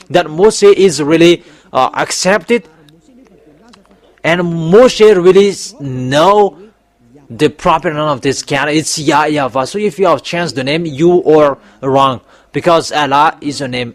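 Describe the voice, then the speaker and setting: A man's voice: on the high side, no room sound. A male preacher giving a sermon in non-native English, emphatic and repetitive, with sudden raised bursts. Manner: speaks English as a second language, with non-native grammar.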